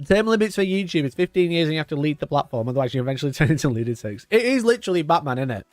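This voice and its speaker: Racing along with big pitch swings, a high-leaning male voice carries a twenty-something host's rambling, sweary live-stream chat full of laughter. The recording is dry with faint background music.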